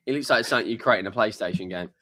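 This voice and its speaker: A man co-hosting a fan show, chatting in a relaxed, joking way. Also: fairly low pitch. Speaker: co-host. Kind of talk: casual chat.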